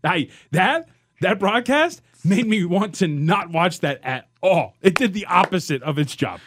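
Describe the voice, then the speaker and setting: Blunt, lively male radio co-host. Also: high-pitched, measured pace, slight background noise. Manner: blunt, sarcastic, bursts into loud chanting. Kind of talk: sports radio banter.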